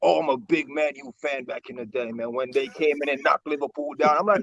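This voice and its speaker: A man calling in to a fan show, telling a story in an animated, slangy way. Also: mid-range voice, a little fast, hardly any pauses, highs cut off. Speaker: caller. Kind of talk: casual call-in chat.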